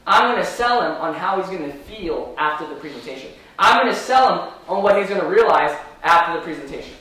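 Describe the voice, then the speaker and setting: A man leading a live sales training, energetic and firing rhetorical questions at the room. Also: high-pitched. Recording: very echoey room from far off.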